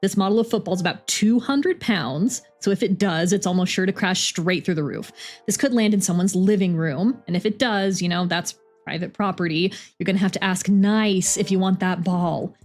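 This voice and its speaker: A woman voicing a bossy, brisk middle-aged woman coach who gives orders on the phone. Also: on the low side, a little mellow, faint music behind, natural voice. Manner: brisk, commanding.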